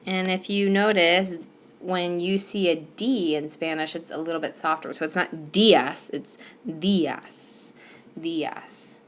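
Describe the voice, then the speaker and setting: A woman's voice: fairly low pitch, level tone, moderate pace, slight background noise. A woman teacher explaining a recorded whiteboard lesson patiently, with some fillers. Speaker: Spanish teacher. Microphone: tablet microphone.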